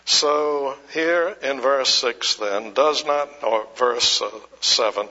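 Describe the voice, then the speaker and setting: A man preaching a sermon slowly and deliberately, posing rhetorical questions and answering them himself. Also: mid-range voice, bright, forceful tone. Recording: muffled lo-fi sermon recording.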